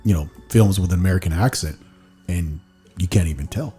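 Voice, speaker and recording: Man, low voice, mellow tone, casual podcast host, loose and chatty. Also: brisk, breathy edge, soft background music. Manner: relaxed, chatty storytelling, occasional swearing.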